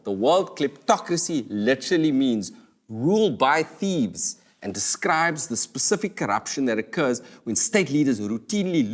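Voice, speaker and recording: A man hosting a comedy talk show, delivering a playful scripted monologue with sudden high exclamations.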